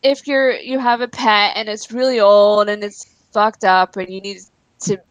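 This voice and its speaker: A woman's voice: mid-range voice, flat delivery, moderate pace, no echo, poor audio. A woman in casual chat, laughing often and telling emotional stories.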